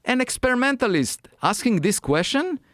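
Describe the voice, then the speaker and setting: A man's voice: very high-pitched, very animated, normal speed, fairly bright tone, no echo, studio quality. A man as a guest scientist in a conversational interview, speaking thoughtfully with many fillers and restarts.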